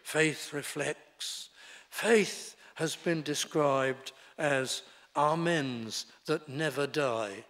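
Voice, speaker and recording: A man, preaching a sermon as pastor in a deliberate, emphatic way. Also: on the high side, fairly bright tone. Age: 70s. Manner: deliberate, emphatic preaching with short declarative lines. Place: church sanctuary. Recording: long reverb in a large hall.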